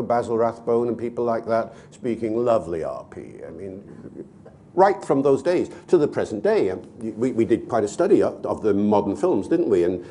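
A man's voice: mid-range voice, a little mellow, a little hiss or hum. A man giving an expansive online talk, explaining with many asides. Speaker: language expert.

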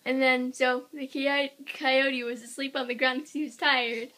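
A woman's voice: sits high, level tone, unhurried, sharp tone. A young woman vlogger telling a rambling, giggly story during a shadow puppet show. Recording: noisy home video.

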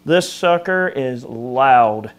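A man's voice: medium pitch, lively intonation, extremely slow. A man hosting a guitar gear video, talking in a loose, chatty way with lots of fillers and restarts. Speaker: host of a guitar gear channel. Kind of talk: casual gear demo talk.

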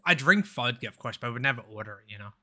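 A man's voice: mid-range voice, lively intonation, very fast, sharp tone. A man chatting casually on a live game stream, rambling, swearing freely and laughing often.

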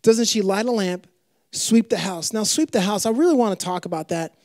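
Animated joking male preacher. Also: high voice, a little fast, dry recording. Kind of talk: sermon to young adults.

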